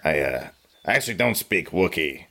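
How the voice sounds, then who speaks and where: A man's voice: a bass voice, expressive, normal speed, vocal fry, bright, forceful tone, pitched below the performer's own voice, heavily acted. A man playing an armored bodyguard who talks in a sheepish, placating, rambling way. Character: armored male bodyguard, easygoing and awkward.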